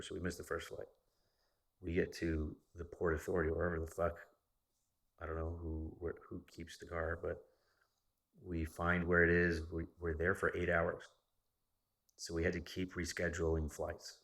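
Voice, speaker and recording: A young man with a low, fairly monotone voice tells a rambling personal story. His tone is bright and forceful, and he cusses freely as he retells what everyone said. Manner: profane, animated retelling of a story. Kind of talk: casual storytelling.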